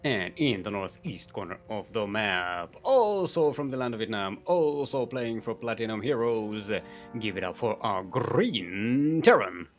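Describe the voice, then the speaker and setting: A man's voice: fairly low pitch, animated, measured pace, faint music behind. A man casting a live strategy-game tournament, rambling and jokey, chuckling often, with many fillers. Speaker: esports caster.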